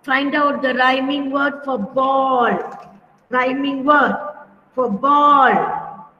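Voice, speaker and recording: A woman teacher leading an online class for young children, speaking slowly and patiently, repeating words and calling pupils by name over a computer mic. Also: high-pitched, fairly even intonation, sharp tone, dull audio. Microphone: computer mic on a video call. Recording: echoey room with long reverb.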